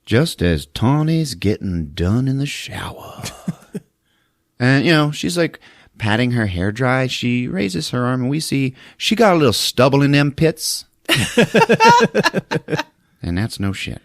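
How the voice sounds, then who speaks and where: Man, podcast host, casual movie recap, laughs a lot, acts out lines, animated, dry sound. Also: mid-range voice, measured pace, pauses often, no echo. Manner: laughs through retelling, acts out characters' lines.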